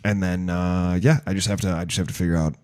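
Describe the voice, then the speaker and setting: Male co-host, casual chat, lower voice, rambling, swears a lot. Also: steady tone, fast, darkish tone. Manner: rambling, many fillers, swears often. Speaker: podcast co-host.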